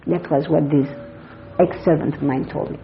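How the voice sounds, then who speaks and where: A woman's voice: low voice, fairly even intonation, moderate pace, gravelly, faint music behind. An older woman from Iran gives an oral history interview. She tells her memories in a conversational, digressive way and often corrects herself. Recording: dull lo-fi 1980s interview tape.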